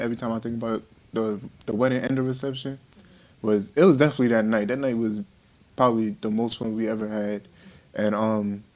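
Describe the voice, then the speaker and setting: A young man casually telling a funny story to friends, laughing often and acting out what others said. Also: mid-range voice. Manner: animated, laughing, acts out voices of others.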